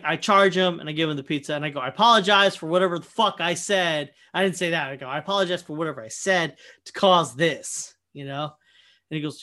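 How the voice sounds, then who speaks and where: High bright-voiced man telling a story. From Michigan, USA. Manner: animated, profane, many fillers and quoted asides. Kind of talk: casual anecdote chat.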